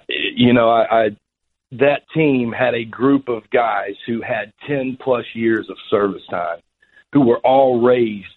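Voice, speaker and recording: A man's voice: fairly low pitch, husky. A man, a former ballplayer, telling a long story as an interview guest, rambling with many restarts. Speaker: former baseball pitcher, guest. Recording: tinny phone-line radio audio.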